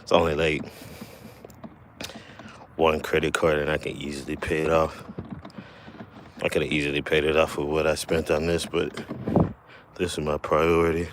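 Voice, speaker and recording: Beside his kayak, a livestream host chats casually in a rumbling low voice, keeping a level tone at normal speed with frequent pauses. He rambles, corrects himself, laughs often, and sounds a little winded over faint background noise.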